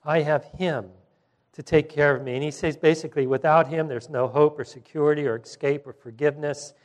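A man preaching a sermon, teaching earnestly and swinging from soft, trailing line endings to sudden emphatic rises. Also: fairly high pitch, steady tone, brisk. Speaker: pastor.

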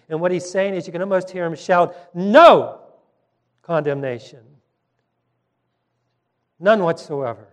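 A man delivering a sermon from the pulpit, his voice sitting a little higher than most men's. He teaches earnestly, letting phrases trail off softly and then rising with sudden emphasis. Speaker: pastor.

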